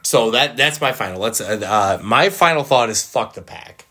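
A man co-hosting a casual sports podcast, playful and quick with asides, laughing often. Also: medium pitch, expressive, sharp tone, slight background noise. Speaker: podcast co-host.

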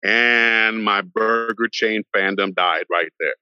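A middle-aged man, an actor guest on a podcast, telling a long story in an animated way and acting out the voices of the people in it. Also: fairly low pitch, slow, clear, resonant tone, no room sound. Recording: dull lo-fi sound, dry.

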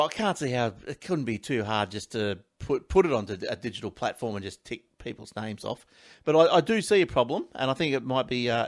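A man's voice: medium pitch, no room sound, studio quality. A man hosting a casual talk show, rambling and chatty, often laughing. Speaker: podcast host. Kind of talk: casual chat.

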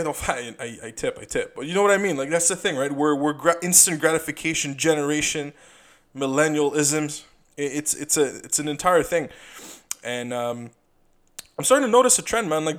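A young man talks through a casual solo podcast episode, rambling from thought to thought. He leans heavily on fillers and keeps repeating "you know", and he swears freely. His voice sits a little on the high side for a man. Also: a bit bright. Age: young adult. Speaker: podcast host.

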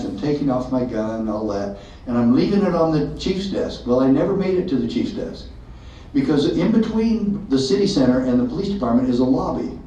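A man telling a story to an audience in a lively way, acting out the dialogue. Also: medium pitch, a little hiss or hum. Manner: animated, acts out dialogue. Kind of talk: storytelling talk. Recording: echoey hall from far off, dull sound.

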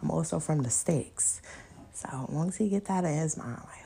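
A young woman hosting a podcast, chatting casually and telling loud, animated stories full of laughter and acted-out quotes. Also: low-pitched, normal speed, creaky, husky. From New York and the countryside. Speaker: podcast host. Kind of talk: casual solo podcast chat.

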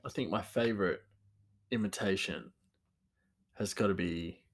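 A man's voice: low voice, unhurried. A man talking casually on his own, rambling and easygoing, with frequent laughter in his talk. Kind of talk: casual monologue.

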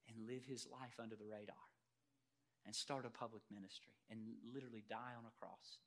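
A man preaching a sermon as pastor, emphatic, swinging from loud declarations to quiet earnest asides and putting questions straight to the congregation. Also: mid-range voice. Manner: addresses congregation directly with rhetorical questions.

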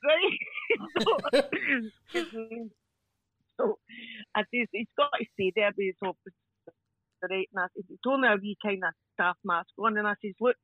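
A Scottish woman telling stories casually as a podcast guest, animated and laughing often as she acts out voices. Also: medium pitch, moderate pace, long pauses, dry recording. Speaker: podcast guest, crime scene cleaner. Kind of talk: casual storytelling chat. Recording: dull lo-fi dry sound.

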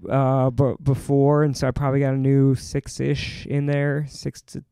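A stand-up comedian rambles through stories from the road on a podcast, teasing himself and slipping into quick voices for the bits. His voice is smooth and clear, recorded close and dry with no room around it. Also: medium pitch, completely flat delivery, warm tone, no room sound. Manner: rambling, self-mocking, acts out bits in voices. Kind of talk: casual podcast chat.

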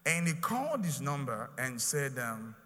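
A man's voice: mid-range voice, sing-song, a little slow, sharp tone, in a large hall. A man with a Nigerian accent preaching a sermon as a pastor, emphatic and repetitive, with pidgin phrases mixed in.

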